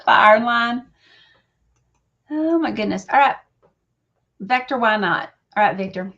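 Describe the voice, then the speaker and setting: A woman's voice: on the high side, expressive, takes it slowly, long pauses, a bit bright. A woman giving readings on a live show, confiding and emotional, chatting with viewers and laughing easily. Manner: emotional, confiding, says y'all, breaks into laughs. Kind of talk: live stream talk with viewers. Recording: slightly dull, lo-fi stream audio.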